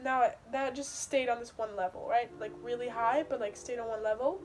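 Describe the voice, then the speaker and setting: A woman's voice: a little high, fairly quick, background noise. A young woman venting to camera while in pain and close to tears, stressing her words by repeating them. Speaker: vlogger.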